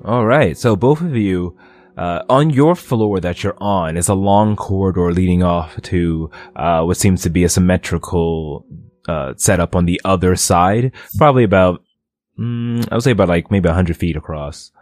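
A man's voice: low-pitched, normal speed, darkish tone, no echo. A man narrating a tabletop game as game master, rambling with many fillers.

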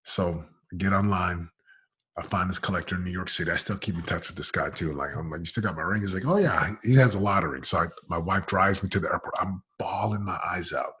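A man's voice: low-pitched, fast, fairly bright tone, slightly rough. A man in his forties, a podcast guest telling his story candidly in an emphatic, casual, slangy way.

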